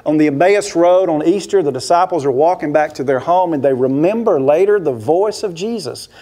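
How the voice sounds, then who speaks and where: In a church sanctuary, a pastor preaches a sermon, telling a story full of rhetorical questions and acting out the voices he quotes. His voice is fairly high, animated and mellow, and he speaks a little fast.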